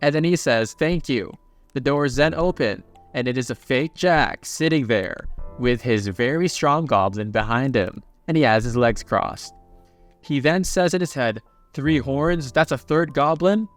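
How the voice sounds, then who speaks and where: A man's voice: mid-range voice, animated, a little slow, faint music behind. A man narrating a comic recap in a casual, offhand way, reading the characters' quotes in his own voice.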